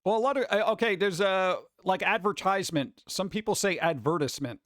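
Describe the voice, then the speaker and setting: A man's voice: high voice, a little fast, a bit bright, no room sound, clean studio sound. A man hosting a live stream, chatting casually and reading chat aloud in a rambling, jokey way with muttered asides.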